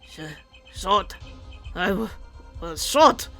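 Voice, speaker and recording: A woman voicing a dying man who speaks weakly, halting and stammering. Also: medium pitch, expressive, gravelly, a bit bright, faint music behind, heavily acted. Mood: faint, gasping. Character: dying middle-aged man, faint and gasping.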